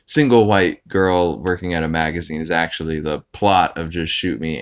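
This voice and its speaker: A man hosting a podcast, casually recapping a cartoon episode with lots of fillers. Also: low voice. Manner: rambling, with many fillers and put-on character quotes. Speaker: podcast host.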